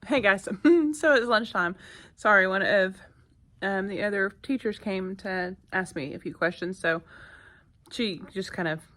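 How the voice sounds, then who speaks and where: A woman's voice: medium pitch, measured pace, a bit bright. A woman, a first grade teacher chatting casually to her phone camera in her classroom, with lots of fillers and asides. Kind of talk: casual vlog chat.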